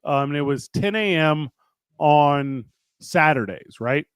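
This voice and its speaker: Thirtysomething guy telling a story on a podcast, slightly higher voice, dry close mic. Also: slow pace, clean tone, no room sound. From St. Louis area, Missouri. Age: 30s. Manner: chatty storyteller, acts out both sides of dialogue, laughs often. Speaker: podcast co-host and wrestling promotion co-owner. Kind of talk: casual chat.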